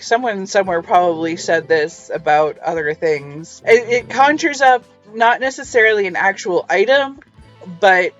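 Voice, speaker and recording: A woman's voice: on the low side, muffled recording. A woman hosting a casual book review, musing over passages with wry, chatty asides. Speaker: book reviewer and podcast host.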